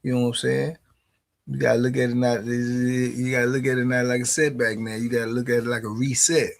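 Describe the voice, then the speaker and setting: Gravelly laid-back man chatting on a stream. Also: mid-range voice, level tone, brisk. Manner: laid-back slang talk, laughs often, asks "you dig?". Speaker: live stream host. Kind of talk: casual live stream chat reading comments.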